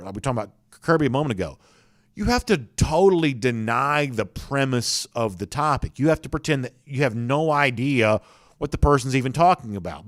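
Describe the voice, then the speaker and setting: A man's voice: medium pitch, fairly bright tone, dry recording, studio quality. A man with a Southern American accent hosting a live sports talk show, chatty and opinionated, often restarting his sentences.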